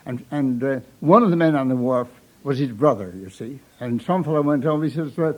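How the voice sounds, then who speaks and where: Rough audio captures an older Newfoundland storyteller performing live, spinning folksy comic tales and laughing at his own punchlines. He has a mid-range, darkish voice and talks fairly quickly.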